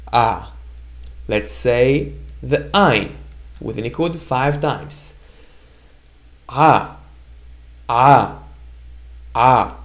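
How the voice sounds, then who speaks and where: A man teaching a Hebrew reading lesson, patiently drilling sounds and checking in with "right?" as he goes. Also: medium pitch. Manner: repeats sounds slowly for the learner to echo, often checks with "right?". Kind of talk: slow, patient language lesson.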